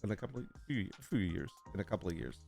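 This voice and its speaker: A man's voice: low-pitched, sing-song, very fast, vocal fry, mellow, faint music behind. A man chatting casually on a live stream, talking through his work and reading text aloud with joking asides. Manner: chatty, reads aloud, jokes with chat.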